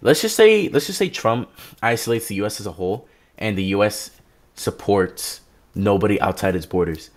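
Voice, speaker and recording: Lower-voiced man in a sarcastic rambling rant. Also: moderate pace. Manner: rambling, sarcastic, self-correcting. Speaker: political commentary vlogger. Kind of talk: casual opinion rant.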